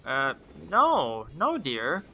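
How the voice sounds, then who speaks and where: A friendly middle-aged woman novelist in a game, chatty and motherly, calling everyone dear, voiced by a man. Her voice rides high and sing-song. The tone is very bright. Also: huge pitch swings, extremely slow, heavily acted. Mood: sweet. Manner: sweet, calls others dear.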